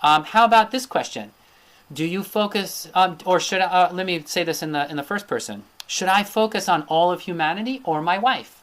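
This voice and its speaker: A male teacher gives a recorded lecture from his slides. He thinks aloud with plenty of fillers and often checks in with a quick tag question. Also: high voice, fairly bright tone. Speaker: Ayurveda teacher.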